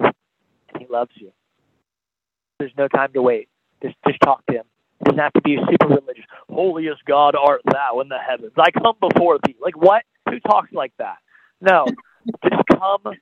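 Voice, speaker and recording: Man evangelist, fairly high voice, pleading preacher, tinny phone sound. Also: no room sound. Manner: impassioned, pleading preaching with repeated phrases. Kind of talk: preaching on a podcast.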